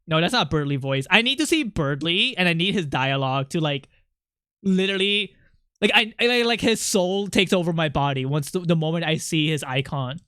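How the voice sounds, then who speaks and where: A livestreamer chatting casually with viewers, rambling and excitable, jumping from topic to topic. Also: medium pitch, moderate pace, clean tone, no room sound, studio quality.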